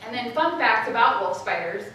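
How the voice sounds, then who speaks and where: A middle-aged woman telling a personal story to a live audience, acting out her family's voices with big jumps in pitch. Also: very animated, moderate pace, fairly bright tone, dull audio, slight background noise. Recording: echoey hall, voice from a distance.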